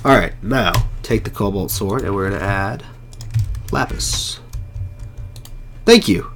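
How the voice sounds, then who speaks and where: Hoarse man streaming a game. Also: lowish voice, expressive, slow pace, over music. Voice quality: rough, crunchy throat. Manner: mutters to himself while playing, frequent swearing. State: hoarse, sore throat, sniffling. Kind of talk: casual live gameplay commentary.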